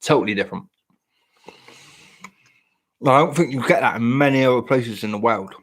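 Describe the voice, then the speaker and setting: A man's voice: medium pitch, normal speed, a bit bright. A young English man in casual podcast chat, blunt, profane and rambling. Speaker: podcast host.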